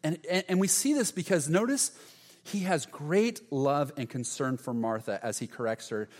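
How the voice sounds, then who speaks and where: A man preaching a sermon as pastor, earnest, letting key lines fall soft and low. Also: normal speed, big-room sound.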